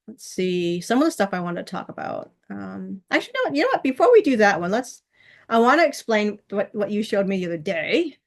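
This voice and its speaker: A woman's voice: medium pitch, big pitch swings, fairly quick, vocal fry. A middle-aged woman hosting her own vlog, chatting casually in a rambling way with frequent restarts and laughs. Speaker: channel host.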